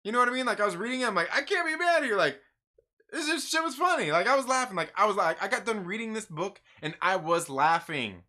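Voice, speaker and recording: A man's voice: sits high, lively intonation, fast talker, sharp tone. A man hosting a live stream and reviewing comic books in casual, rambling, profane chat, laughing often.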